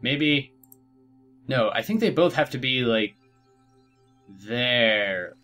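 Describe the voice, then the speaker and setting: A young man co-hosting a game playthrough, telling stories in a chatty, animated way with lots of fillers. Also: medium pitch, takes it slowly, soft background music. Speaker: let's play co-host. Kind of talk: casual gameplay chat.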